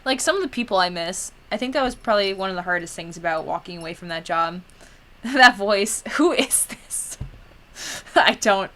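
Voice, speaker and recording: A tired young woman edits photos at her desk while chatting with her stream, her mid-range, fairly bright voice expressive at a normal pace. She giggles a lot and slides into a Valley Girl lilt, peppering her speech with "like."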